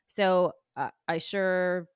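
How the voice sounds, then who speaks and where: A young adult woman co-hosting a podcast, chatting expressively and reacting quickly to her friend. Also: on the low side, fairly even intonation, clean tone, dry recording, studio quality. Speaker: podcast co-host. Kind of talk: casual chat.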